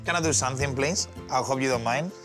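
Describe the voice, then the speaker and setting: A man's voice: medium pitch, quick pace, over music. A man hosting a cooking segment on TV, chatting playfully with a guest and laughing often. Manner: teasing, laughs often, animated. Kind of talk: playful on-air chat while cooking.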